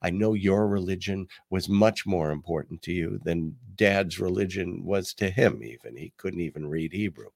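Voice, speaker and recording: An older man hosting a talk podcast, telling stories and reading quotes in a casual, animated way. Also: low-pitched, creaky, no room sound, studio quality. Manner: animated, reads quotes aloud, pauses with ums. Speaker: podcast host. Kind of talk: casual commentary and storytelling.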